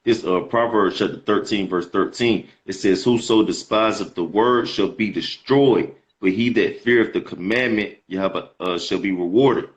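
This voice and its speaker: A man's voice: on the low side, moderate pace, few pauses, highs cut off. A man teaching scripture in a casual, slangy way, reading verses aloud and repeating words as he explains them. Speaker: preacher.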